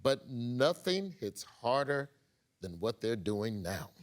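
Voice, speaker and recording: A man hosting a comedy news panel show, quick and wry, reading setups and poking fun at the guests. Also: mid-range voice, heavy background noise. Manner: quick, wry and animated, laughing at his own jokes. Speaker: host. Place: TV studio with a live audience.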